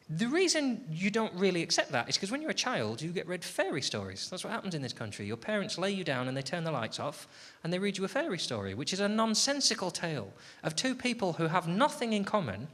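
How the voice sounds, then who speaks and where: Grumbling stand-up comedian. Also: male voice, sits high. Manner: self-deprecating, grumbling, swings from mutters to loud rants. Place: comedy club stage with audience. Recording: live stage recording with audible background noise.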